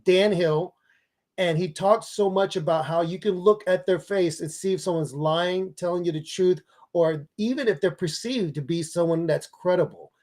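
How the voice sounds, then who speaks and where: A man who is a public speaking expert and author, giving emphatic, energetic advice in an interview. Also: sits high, normal speed. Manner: energetic, emphatic coaching delivery.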